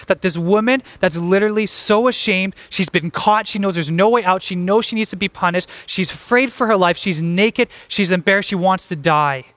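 Animated high-voiced male preacher. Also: dry recording. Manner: animated, acts out voices of the people he describes. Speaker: pastor. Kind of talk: sermon.

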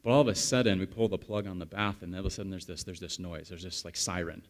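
Man, 30s, pastor, lower voice, conversational sermon, animated storytelling. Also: fast. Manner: chatty storytelling with the congregation, animated asides.

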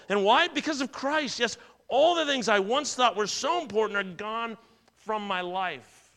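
A middle-aged man gives a sermon in a high, bright voice. He talks in an easy, conversational way, weaves in stories from his own life, and often stumbles and repeats words as he goes. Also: unhurried. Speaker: pastor.

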